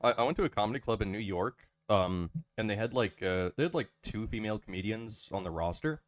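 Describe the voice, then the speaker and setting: Halting casual podcast host, man. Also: fairly low pitch, expressive. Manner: halting, many restarts and fillers, reads ads jokingly.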